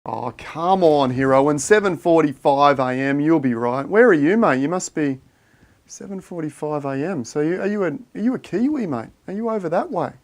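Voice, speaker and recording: A man hosting a casual livestream. He thinks out loud and chats with viewers in a friendly, matey way. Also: a little high, lively intonation, normal speed. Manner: thinks aloud while reading viewer chat, matey and chatty. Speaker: livestream host.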